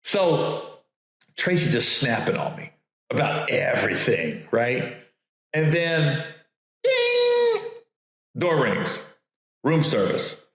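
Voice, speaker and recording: A man, a comedian and host, telling a story in a casual, animated way, acting out the voices of others and laughing often. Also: a little high, slow, long pauses, very echoey.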